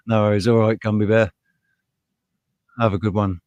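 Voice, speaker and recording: A man's voice: on the low side, measured pace, pauses often, clear, resonant tone, dry recording. A man hosting a livestream, talking casually in a rambling, passionate way, his voice rising when he gets heated. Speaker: live show host.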